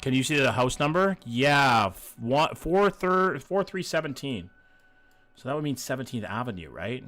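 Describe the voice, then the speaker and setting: A man's voice: medium pitch, sing-song, moderate pace, a bit bright, soft background music. A man streaming a geography game, chatting casually and reading chat aloud, swearing freely, a little sick. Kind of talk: casual live-stream chat while gaming.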